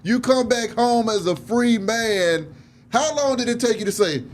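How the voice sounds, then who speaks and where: A man hosting a casual interview, asking slow, emphatic questions and affirming often. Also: very high voice, expressive, a little hiss or hum. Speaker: podcast host.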